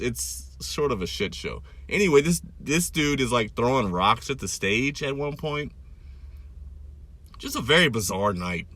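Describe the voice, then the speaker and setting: A man's voice: medium pitch, a bit bright, dry recording. A man hosting a podcast, rambling in a loose, casual monologue full of "like" and fillers, with crude, irreverent humor. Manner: loose, laid-back, heavy with "like" and fillers. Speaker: podcast host and stand-up comic.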